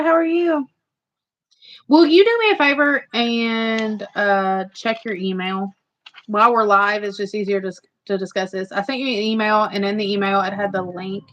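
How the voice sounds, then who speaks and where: A talkative woman hosts a casual livestream, rambling away to her viewers. Her pitch is ordinary and mid-range, and the lo-fi audio sounds slightly muffled.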